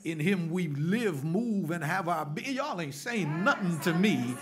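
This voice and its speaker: A man's voice: high voice, lively intonation, a little slow, crowd noise. A man preaching a sermon to a small group in a living room, working them into call and response. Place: home living room, at a table.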